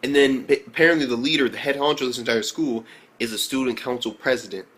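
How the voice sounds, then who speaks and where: A man reviewing an anime episode in a casual vlog, slangy and profane, talking with excitable energy. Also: medium pitch, quick pace.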